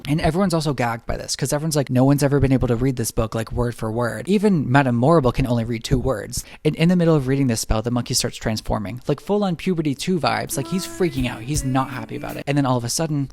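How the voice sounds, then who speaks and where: A young man giving a snarky, profane comedic movie recap, acting out characters in quick asides. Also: medium pitch, vocal fry, darkish tone.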